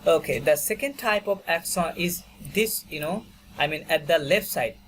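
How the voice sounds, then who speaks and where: A man's voice: fairly high pitch, moderate pace, a bit bright. A man teaches an online French class over a video call. He speaks patiently, circles back with "okay" and "you know," and repeats each term for his students. A faint hiss of noise sits under the call. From Bangladesh. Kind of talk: online language lesson.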